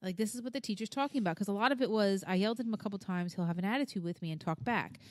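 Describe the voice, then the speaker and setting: A woman's voice: mid-range voice, rapid-fire, dry recording, clean studio sound. A woman in her thirties co-hosting a podcast, chatting casually in a frank, rambling way, swearing freely. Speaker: podcast co-host. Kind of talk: casual chat.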